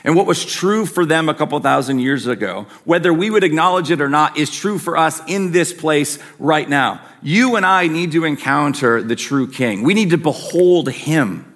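A man's voice: a little high, animated, moderate pace, hardly any pauses, a bit bright. A man preaching a sermon as a pastor, earnest and emphatic, his intensity rising and falling.

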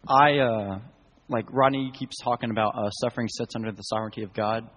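A young man sharing a casual faith testimony, soft-spoken and full of fillers. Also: mid-range voice, fairly even intonation, brisk, big-room sound.

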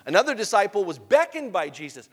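A man preaching a sermon, telling the story animatedly and moving between hushed asides and emphatic stretches. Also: sits high, big pitch swings, quick pace, husky, long reverb tail.

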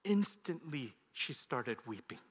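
A man in his thirties, a pastor telling a personal story in a sermon. His storytelling swings from loud outbursts to hushed, low confession. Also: very animated, slow, husky, long reverb tail.

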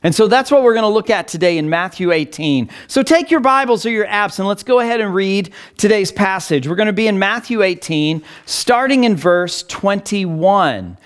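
Guy preaching a sermon, high voice that swoops around a lot, earnest. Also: moderate pace, hardly any pauses, smooth. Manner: earnest, expressive reading with lively emphasis. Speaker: pastor. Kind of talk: sermon with scripture reading.

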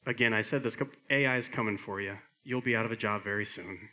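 A middle-aged man delivers a sermon to his church in an earnest pastor's voice. His pitch sits in the middle range. He climbs to emphatic high points and then falls back to quiet, soft lines. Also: quick pace, hardly any pauses.

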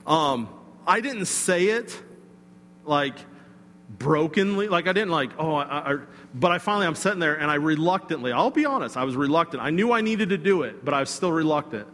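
A man preaching a sermon, telling a personal story in a conversational, animated way with asides to the congregation. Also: on the high side, brisk, long reverb tail. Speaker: pastor.

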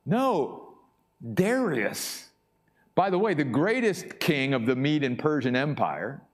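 Unhurried, emphatic male preacher. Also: fairly high pitch, sing-song. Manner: emphatic, repeats key phrases. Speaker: pastor. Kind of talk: sermon.

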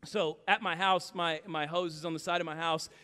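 A man in his thirties preaching a sermon, telling stories with passion and building to loud climaxes. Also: a little high, fairly even intonation, normal speed, clear, resonant tone, long reverb tail. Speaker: pastor.

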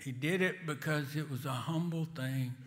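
A man's voice: a little high, normal speed, a bit bright, in a large hall. An older man preaching a sermon, telling folksy stories and asking the congregation questions. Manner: folksy storytelling with asides to the congregation. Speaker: pastor.

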